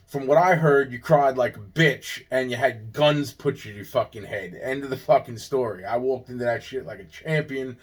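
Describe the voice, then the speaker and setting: A man delivering a rambling monologue, repetitive and profane, circling through restarts and breaking into sudden loud outbursts. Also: mid-range voice, moderate pace, hardly any pauses, slightly rough.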